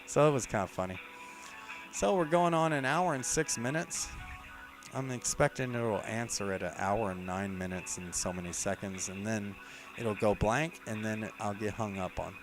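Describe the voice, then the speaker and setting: A man's voice: on the low side, normal speed, music in the background, poor audio. Rambling man telling work stories. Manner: rambling, frequent fillers. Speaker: live streamer. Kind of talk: casual storytelling.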